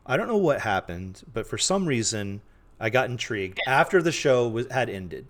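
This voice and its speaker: A man's voice: mid-range voice, sing-song, normal speed. Chatty male podcast co-host. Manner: chatty, self-deprecating, with frequent restarts. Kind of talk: casual chat.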